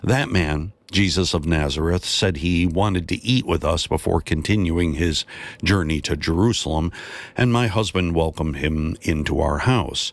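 Male reader doing an anxious, exasperated wife in a dry storybook reading, higher than his own low voice. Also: vocal fry, no echo. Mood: fretful. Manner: quick, fretful complaining. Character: anxious, exasperated wife of a wealthy tax collector.

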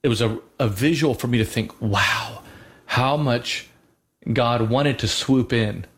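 A man with an ordinary middle-pitched voice speaks earnestly about faith on a talk show. He talks conversationally, pausing on fillers and restarting his sentences as he goes. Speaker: co-host of a Christian radio show.

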